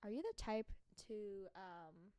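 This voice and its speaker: A woman co-hosting a podcast in casual chat, a supportive listener who keeps up a steady stream of agreement. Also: medium pitch, slow, clear, resonant tone, dry recording, clean studio sound. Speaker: podcast co-host.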